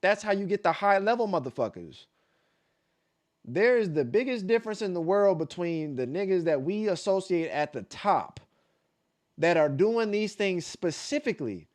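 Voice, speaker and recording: Reacting to dance battles on a live stream, this man speaks in a high-pitched, sing-song way at a moderate pace, his tone darkish. He delivers blunt, profane commentary, hammers points by repeating them, and voices beat patterns out loud.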